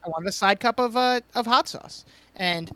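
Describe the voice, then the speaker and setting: A man's voice: high-pitched, normal speed, no room sound. A man co-hosting a podcast, telling a story in casual chat and chuckling as he goes. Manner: chuckling, animated anecdote-telling. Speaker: podcast co-host.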